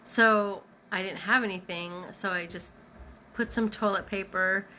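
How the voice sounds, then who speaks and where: Bright-voiced woman telling a personal story. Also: mid-range voice, unhurried, slight background noise, poor audio. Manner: animated retelling with acted-out dialogue. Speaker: storyteller recounting personal experience. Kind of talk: casual storytime vlog.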